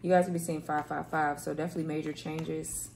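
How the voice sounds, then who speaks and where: A woman's voice: deep voice, level tone, fast talker, creaky, darkish tone, slight background noise. A woman reading tarot cards to camera in a loose, rambling way, repeating words and swearing casually. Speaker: tarot reader. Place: home room, kids heard playing outside.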